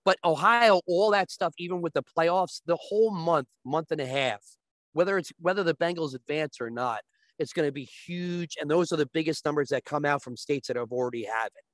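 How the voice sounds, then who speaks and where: A man's voice: a little high, a little fast, fairly bright tone, dry recording. A man as a guest, explaining sports betting in casual chat with long, restarting sentences.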